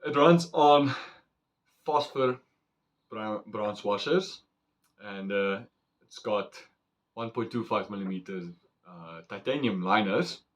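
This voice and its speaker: A man chatting casually as he unboxes and reviews a knife, excitable and rambling with fillers. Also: on the low side, takes it slowly, long pauses.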